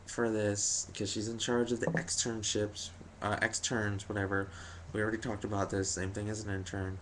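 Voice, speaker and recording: A man's voice: fairly low pitch, slight background noise. A young man telling a story about his day to camera, rambling and jokey, with lots of fillers and self-deprecating asides. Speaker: vlogger.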